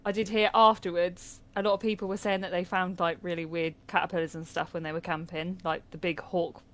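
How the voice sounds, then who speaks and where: A woman's voice: on the low side, little pitch movement, fairly quick, a bit bright. A British woman co-hosting a casual podcast, chatting and telling stories with plenty of laughter. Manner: chatty storyteller, laughs a lot. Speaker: podcast co-host. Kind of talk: casual chat.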